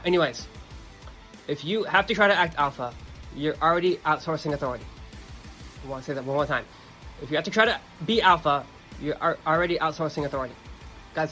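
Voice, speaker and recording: A man's voice: a little high, bright, forceful tone. A young man hosting a podcast, talking emphatically in a casual monologue, swearing often and checking in with "okay" and "you guys.". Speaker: podcast host.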